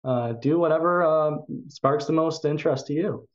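A man's voice: a little high, moderate pace, dull audio. Enthusiastic man with a Chicago accent. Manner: enthusiastic, with frequent fillers. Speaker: conference speaker. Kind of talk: recorded tech talk presentation.

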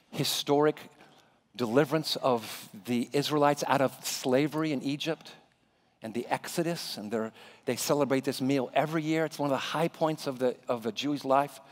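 A male pastor preaching a sermon in a church, telling the story in an animated, dramatic way. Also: medium pitch, moderate pace. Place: church sanctuary. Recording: reverberant church hall.

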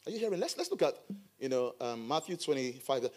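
A middle-aged man preaching a sermon as a pastor in church, animated with playful asides. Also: medium pitch, fairly quick.

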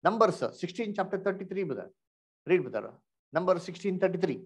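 A man's voice: high-pitched, very animated, a little fast, breathy edge. A man teaching an interactive Bible lesson, often asking rhetorical questions and filling with "you see".

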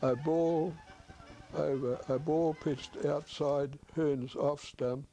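An older man recounting a cricket match in a deliberate, halting way. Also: a little high, steady tone, mellow, faint music behind, rough recording. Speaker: interviewee recalling a match. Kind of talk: documentary recollection.

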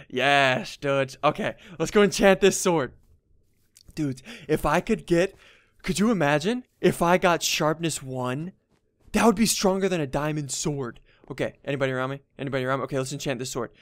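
A young man doing casual gameplay commentary as a gaming YouTuber, muttering to himself and then bursting into excited yells. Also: a little high, brisk, no room sound, clean studio sound. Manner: excitable, swings from muttering to yelling.

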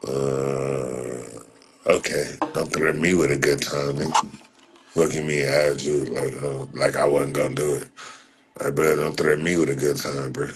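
A man's voice: extremely low pitch, flat delivery, unhurried, a little hiss or hum. A man hosting a livestream, reading his chat aloud and mocking the commenters in profane, slangy banter, often laughing. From Southern California. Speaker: livestream host reacting to chat.

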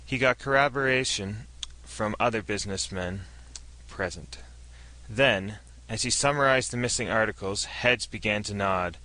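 Bright-toned male story narrator. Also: lowish voice, normal speed, low-quality recording. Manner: steady storytelling reading.

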